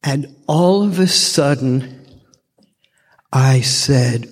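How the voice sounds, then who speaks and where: An older man tells his story unhurriedly, with a fairly high voice and a sincere, heartfelt manner. He speaks at a recovery fellowship meeting, and a long reverb from the large hall trails each phrase. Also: slow pace, long pauses. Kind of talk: personal testimony talk.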